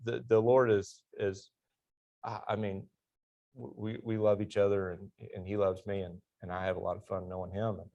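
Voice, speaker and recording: A man's voice: fairly low pitch, flat delivery, normal speed, dark tone, muffled recording. A middle-aged man, an army veteran and interview guest, telling stories animatedly and laughing at his own punchlines. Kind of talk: storytelling in a church class interview.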